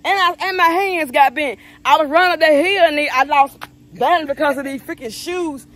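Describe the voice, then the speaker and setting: A woman's voice: sits high, normal speed, fairly bright tone. A woman, a mother, chatting animatedly and in slang while vlogging outdoors on a neighborhood street, filmed on a phone by someone else. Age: adult mother. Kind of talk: casual vlog chat. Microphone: phone camera held by someone else.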